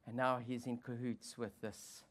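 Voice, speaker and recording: A pastor delivers a sermon with wry humor and playful asides. The voice rises loud and high to drive points home, then sinks low and quiet for reflection. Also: level tone, normal speed.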